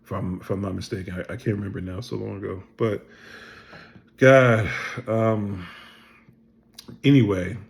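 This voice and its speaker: A middle-aged man telling his own story in a casual, animated way, acting out other people's lines and swearing freely. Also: on the low side, moderate pace, gravelly, long pauses. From Pennsylvania.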